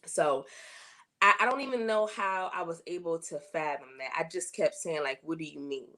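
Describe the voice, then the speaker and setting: A woman guest telling a personal faith testimony in an interview, earnest and emotional, repeating herself and rising in pitch when she voices her complaints to God. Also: animated, moderate pace, sharp tone. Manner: earnest, emotional storytelling with repetition.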